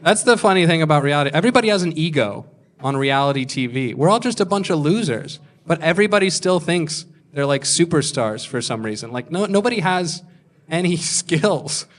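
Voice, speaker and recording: A man in his thirties performs stand-up storytelling, animated and brisk, his pitch fairly high. The tales are crude and self-mocking, and he slips into impressions of others along the way.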